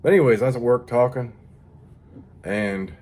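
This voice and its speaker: A man's voice: mid-range voice, normal speed, a little mellow. A tired man rambling through a crude, profane casual monologue as a vlogger. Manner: profane, rambling, mock-tough.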